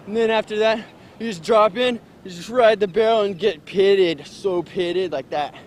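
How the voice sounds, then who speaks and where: Man, surfer, loud and excited, slangy, faint rumble outdoors. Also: moderate pace. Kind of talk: news street interview.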